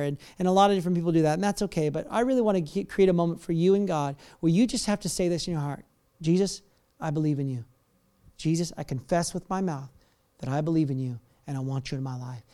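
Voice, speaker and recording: A man preaching a sermon and leading an altar call, impassioned and rhythmic, swelling to near-shouts and then dropping soft. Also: on the high side, clean tone. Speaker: pastor.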